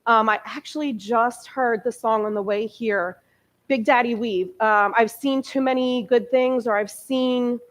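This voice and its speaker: In a church sanctuary, a woman in her early forties gives a candid, emotional personal testimony as a guest speaker. Her voice is fairly high and steady in tone, and she speaks a little slowly in a conversational, storytelling way.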